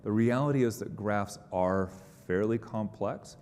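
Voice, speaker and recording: A low-voiced man stands before a conference crowd and answers their questions. He explains things in an upbeat, conversational way, and his voice trails off into a long hall reverb over a faint rumble. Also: measured pace, darkish tone. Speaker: conference presenter.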